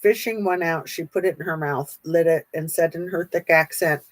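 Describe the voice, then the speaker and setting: A woman's voice: deep voice, moderate pace, no echo, poor audio. A woman host reading a memoir aloud, then chatting casually with viewers' comments, with fillers and self-corrections.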